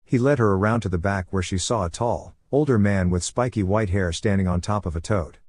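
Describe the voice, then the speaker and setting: A man narrating a fan fiction story in a steady, even reading manner. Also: low-pitched, a little fast, dry recording, studio quality.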